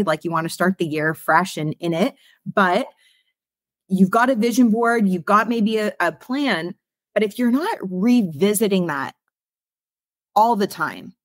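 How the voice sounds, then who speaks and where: This woman hosts a podcast from the Greater Toronto Area in Canada, and her voice is fairly low in pitch. In a casual conversational interview she talks emphatically and motivationally, swearing casually, with clean studio sound and no echo.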